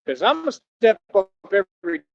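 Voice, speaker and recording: A man's voice: high voice, very animated, moderate pace, vocal fry, background noise. A young man streaming, ranting in an emphatic, combative, slangy way. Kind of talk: livestream rant. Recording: dull lo-fi audio.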